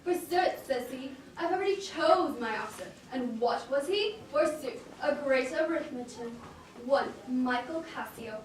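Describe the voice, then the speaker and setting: A woman's voice: high voice, slight background noise. A woman acting a bitter, scheming male soldier in an amateur stage performance, declaiming scornfully. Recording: very echoey room from far off.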